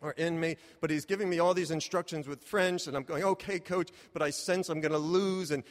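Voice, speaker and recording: A man telling a comic personal story, animated and self-mocking, breaking into loud exclamations. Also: a little high, fairly quick. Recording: reverberant hall.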